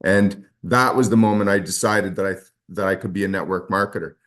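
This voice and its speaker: A man's voice: low-pitched, fairly even intonation, fairly quick, a bit bright. A man hosting a motivational team call, telling stories in an enthusiastic, rambling way.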